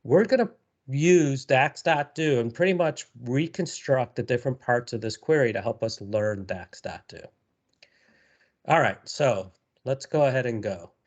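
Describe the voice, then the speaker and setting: A man presenting a live software tutorial, talking casually with many fillers and repeated words. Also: medium pitch, animated, measured pace, highs cut off.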